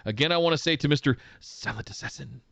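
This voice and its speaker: A man's voice: mid-range voice, quick pace, vocal fry, fairly bright tone, dry recording. A man hosting a podcast, reading out listener messages and chatting in an easygoing way with frequent laughter. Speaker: podcast host.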